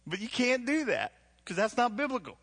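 A middle-aged man preaching a live sermon in a conversational, joking way, his voice climbing high when he stresses scripture. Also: big pitch swings, moderate pace, a bit bright. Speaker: pastor.

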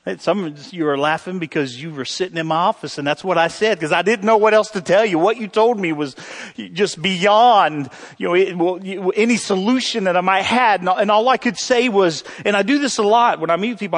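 A male pastor preaching a sermon with animated, humorous storytelling. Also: high-pitched.

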